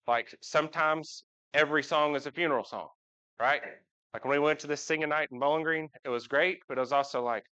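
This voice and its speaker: A man with a slightly high, sharp, clean-toned voice preaches a little fast in an informal sermon, talking with the congregation and asking them questions. The recording was made live in a church sanctuary and sounds dull and lo-fi.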